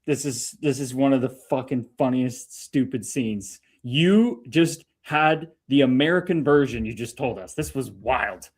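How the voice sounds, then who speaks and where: A man's voice: medium pitch, measured pace, few pauses. Laid-back man hosting a stream. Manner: laid-back, peppered with "dude", laughs often. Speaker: host. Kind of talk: casual chat on a livestream.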